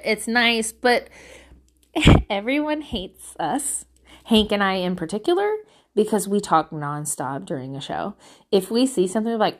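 Chatty, candid mom with a bright voice. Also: female voice, sits high. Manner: chatty and candid, laughs often, swears casually. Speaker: parent sharing advice. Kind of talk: casual parenting vlog monologue.

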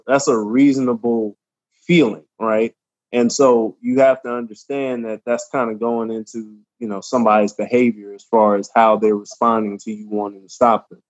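A man who works as a police officer, talking calmly and at length in a casual podcast conversation. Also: fairly low pitch, muffled recording. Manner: calm, measured, explains at length.

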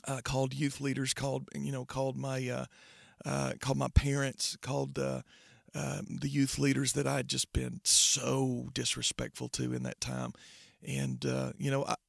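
A man's voice: mid-range voice, completely flat delivery, creaky, dry recording, studio quality. A middle-aged man, a pastor, telling his testimony earnestly in an interview, with frequent halts and restarts. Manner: earnest, halting with many restarts. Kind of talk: personal testimony in conversation.

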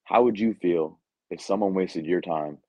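Deep-voiced recruiter telling a blunt story. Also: male voice, normal speed, no room sound, muffled recording. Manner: slangy and blunt, many fillers. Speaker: Marine recruiter. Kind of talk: casual podcast storytelling. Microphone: podcast mic.

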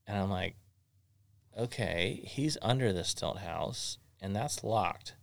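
A man hosting a casual chat, telling a long family story in a rambling, animated way with many fillers. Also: lowish voice, slow pace, vocal fry, no echo. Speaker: podcast host.

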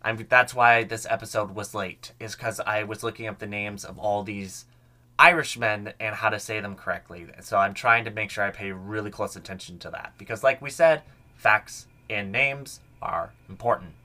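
A man's voice: fairly low pitch, normal speed, bright, forceful tone. Enthusiastic young man hosting a history podcast. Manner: casual, enthusiastic, conversational. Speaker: podcast host. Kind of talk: solo history podcast narration.

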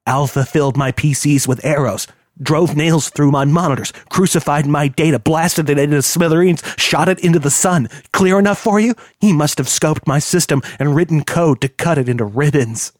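A man's voice: on the high side, dry recording, clean studio sound, natural voice. A man voicing a volatile, heavyset male hacker who hisses and rants in bitter, profane outbursts. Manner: hissing, ranting, drawn-out bitter outbursts.

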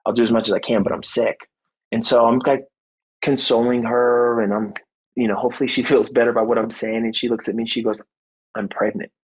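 A man in his thirties, a former football player, telling a personal story in a podcast interview, earnest and animated, acting out what people said. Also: mid-range voice, quick pace, husky, rough recording. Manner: faith-centered, reflective. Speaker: guest, former football player and motivational speaker.

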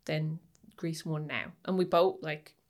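A chatty young woman with a fairly low voice co-hosts a relaxed podcast about a film. She rambles a little, circling back with fillers and restarts as she gathers her thoughts, then pushes on with enthusiasm. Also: unhurried. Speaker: podcast co-host. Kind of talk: casual chat about a film.

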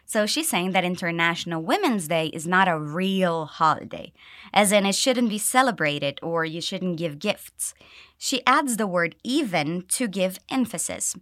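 In this pronunciation lesson built on repeat drills, a female English teacher models every phrase very clearly so learners can echo it. Her intonation rises and falls with liveliness, and the recording is close-miked and dry, with no room sound.

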